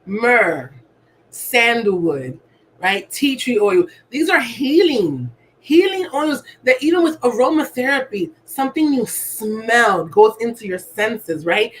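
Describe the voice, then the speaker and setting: Coaxing woman coach, higher voice. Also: very animated, takes it slowly, a little hiss or hum, low-quality recording. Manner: coaxing, keeps asking "right?", acts out gasps. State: asthmatic. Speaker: alignment coach. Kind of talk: motivational wellness talk.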